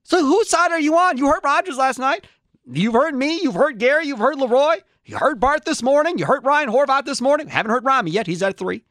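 A man's voice: very high voice, animated, brisk, fairly bright tone, no room sound, studio quality. A man hosting a sports talk radio show, ranting in a fired-up way and firing off repeated rhetorical questions.

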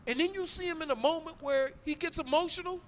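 A man co-hosting a radio show, playful and animated, joking around with the others. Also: extremely high pitch, fast talker, slight background noise. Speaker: co-host. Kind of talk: casual radio chat.

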